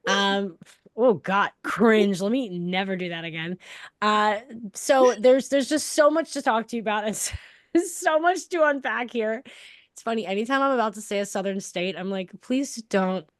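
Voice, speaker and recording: A woman's voice: mid-range voice, moderate pace, no room sound, clean studio sound. A woman hosting a podcast, bubbly and enthusiastic, chatting casually and laughing often. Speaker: podcast host. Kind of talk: casual interview chat.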